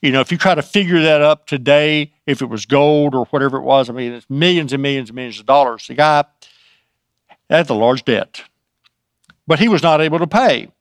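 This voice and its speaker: A man's voice: medium pitch, brisk, no echo. A man teaching from the Bible in an informal way. He adds his own asides as he retells scripture.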